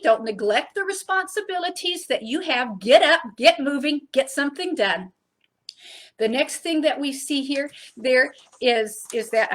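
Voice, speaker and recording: A middle-aged woman teaching a Bible study in an earnest preaching style, rising to emphasis and dropping soft and low.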